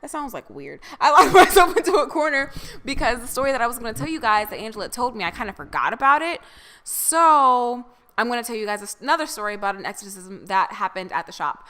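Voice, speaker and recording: A woman's voice: on the high side, big pitch swings, fast, pushed and bright. A young woman co-hosting a podcast, telling a story in casual chat, swearing freely, rambling and breaking into laughter often. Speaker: podcast co-host.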